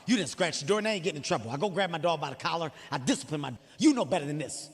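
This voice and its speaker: High-pitched, animated stand-up comedian. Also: male voice, racing, slight background noise. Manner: animated, profane storytelling with acted-out quotes. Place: theater stage before an audience. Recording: live hall reverb, faint ambience.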